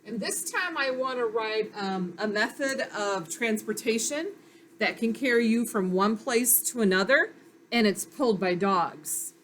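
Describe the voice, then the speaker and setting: Slow, patient woman teaching phonics. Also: a little high, fairly bright tone, slight background noise. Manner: slow, patient and encouraging, sounding out letters. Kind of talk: phonics lesson for young children.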